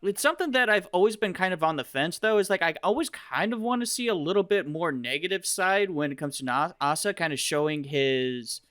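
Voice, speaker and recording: A man's voice: high-pitched, expressive, a little fast, hardly any pauses, fairly bright tone, smooth, dry recording, studio quality. A man on a casual podcast who often affirms the other speaker and restarts his sentences while thinking. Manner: affirming listener, hesitant restarts when explaining.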